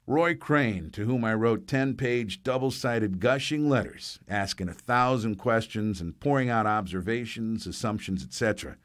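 A man with a lowish voice reads first-person reflections in a wry, measured way. Each line is given room to settle.

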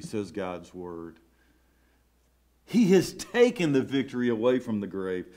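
A man's voice: on the low side, lively intonation, measured pace, warm tone. A middle-aged man with a Southern US accent, preaching a sermon in a church sanctuary with emotional, emphatic swells. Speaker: pastor.

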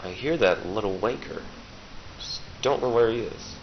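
Man, gamer, sarcastic commentary, has a cold, deep-ish voice, lo-fi sound. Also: normal speed. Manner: sarcastic, taunting enemies playfully. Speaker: let's play gamer. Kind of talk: casual gameplay commentary. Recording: dull lo-fi recording with faint hiss.

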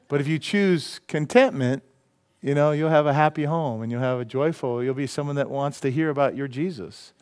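Male pastor, sermon in a church, fairly high voice, bursts of loud emphasis. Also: normal speed, clear, resonant tone. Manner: preaching with sudden loud emphatic rises and drops to quiet. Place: church sanctuary.

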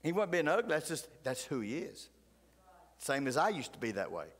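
A man's voice: on the high side, sing-song, fairly quick. Fiery preacher man in reverberant church. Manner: folksy, fiery, swings between loud outbursts and hushed asides. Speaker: pastor. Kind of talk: animated storytelling sermon. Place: church sanctuary.

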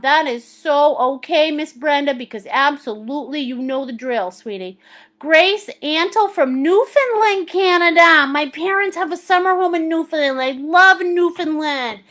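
A bubbly middle-aged woman with a very high, bright, forceful voice. She hosts a live painting class, reading viewers' comments aloud with frequent laughter. She calls everyone sweetie and honey. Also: normal speed. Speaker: art teacher hosting a live paint class.

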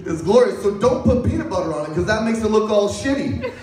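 A man's voice: sits high, lively intonation, a little fast, over music. A man doing a rambling, crude stand-up routine on a comedy stage and laughing at his own jokes. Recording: echoey room, mic far off.

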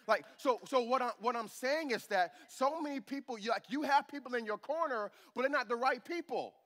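A man's voice: very high-pitched, fairly quick, a bit bright. A man preaching a sermon as pastor of a church, calling out to the congregation for amens. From United States. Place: church sanctuary.

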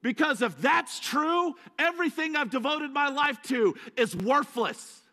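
A man's voice: extremely high pitch, animated, measured pace, bright, forceful tone. A man preaching a sermon as a guest speaker, telling the story dramatically with joking asides. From USA. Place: church sanctuary. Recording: echoey church hall.

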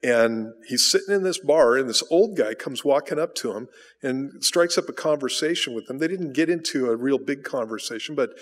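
A man preaching a sermon at a mid-range pitch, talking conversationally and putting rhetorical questions to the congregation. He often repeats a word while rephrasing a thought. The church hall adds a long reverb to his voice. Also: expressive, normal speed. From United States. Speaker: pastor. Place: church sanctuary.

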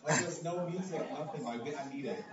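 A man's voice: fairly high pitch, a little fast, muffled recording, over a noisy crowd. A man, a fan, eagerly asking a question with a laugh. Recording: far off in a crowded echoey room.

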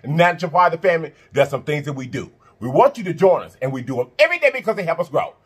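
A man's voice: a little high, very fast, breathy edge. A man hosting a casual eating-show video, chatting to viewers, chanting catchphrases and humming as he eats. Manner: animated, chants catchphrases, hums while eating. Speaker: mukbang channel host.

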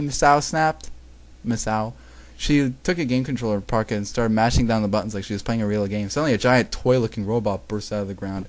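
A man's voice: lowish voice, a little fast. A man reading fan fiction aloud at home, sarcastic and profane, stumbling over the text and mocking it. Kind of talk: mocking dramatic reading with commentary.

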